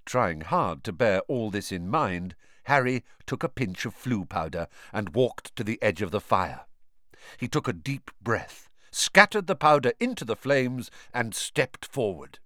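A man narrating a storybook in an expressive, lively way. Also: fairly low pitch, unhurried, dry recording, studio quality. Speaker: audiobook narrator.

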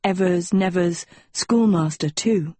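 A woman's voice: on the low side, takes it slowly, a little mellow, no echo. A woman doing a confident young prince. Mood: earnest. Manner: assured, commanding.

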